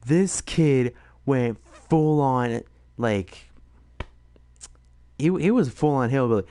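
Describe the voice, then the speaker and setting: A man's voice: mid-range voice, slow pace, dark tone, no echo. A man rambling in a casual late-night chat, full of fillers and laughter. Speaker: streamer host.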